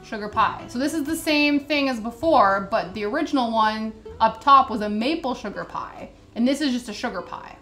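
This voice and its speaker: A woman's voice: fairly high pitch, normal speed, hardly any pauses. A woman vlogger chatting casually as she reads a recipe list, with sarcastic, indignant commentary. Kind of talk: casual chat while reading a recipe list. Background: soft background music.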